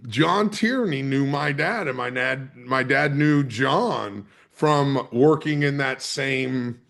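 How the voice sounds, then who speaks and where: A charter captain from the US East Coast, a guest on a podcast, telling a story in a lively, salty way and acting out what people said. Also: male voice, medium pitch, slow, gravelly. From Maryland's Eastern Shore, USA. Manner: vivid storyteller, swears freely, acts out quotes. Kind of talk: conversational storytelling.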